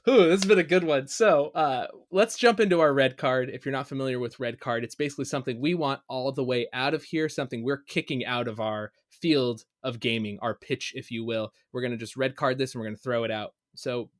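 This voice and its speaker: A man co-hosting a casual gaming podcast, ranting with animated energy and joking. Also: medium pitch, brisk, hardly any pauses, no echo, clean studio sound. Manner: animated, ranting, jokes in put-on voices. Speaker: podcast co-host.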